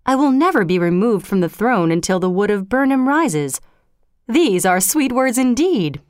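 A woman's voice: mid-range voice, big pitch swings, moderate pace, clean tone, no echo, clean studio sound, natural voice. A woman voicing a proud, bold king in a commanding storybook reading. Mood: musing.

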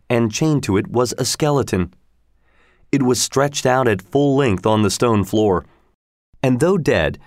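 A man narrating a storybook in a steady, measured reading. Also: medium pitch, no echo, studio quality.

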